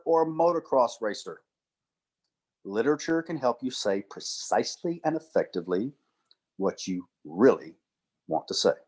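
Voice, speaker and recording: Man telling a church talk story. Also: medium pitch. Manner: storytelling, acts out quotes, recites poetry slowly. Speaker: church speaker and literature teacher.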